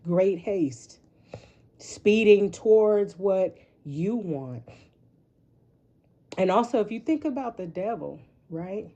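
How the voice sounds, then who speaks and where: A woman's voice: mid-range voice, lively intonation, slow, pauses often, dark tone, muffled recording. A woman giving a casual tarot reading, rambling and frank, swearing freely and often asking "right?". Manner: rambling, frank and profane, with frequent rhetorical "right?". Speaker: tarot reader.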